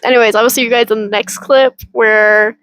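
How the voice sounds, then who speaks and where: A woman's voice: a little high, fairly even intonation, fairly quick, fairly bright tone, clear, resonant tone, poor audio. A woman giving a casual reading update as a book vlogger, chatty and rambling, with frequent laughs and some swearing.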